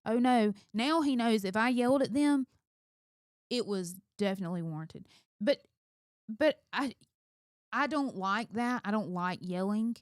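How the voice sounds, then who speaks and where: A woman's voice: fairly high pitch, lively intonation, measured pace, long pauses, no echo, studio quality. A middle-aged woman co-hosting a casual chat. She speaks emphatically and candidly, reflecting on her own habits. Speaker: co-host, mother of two.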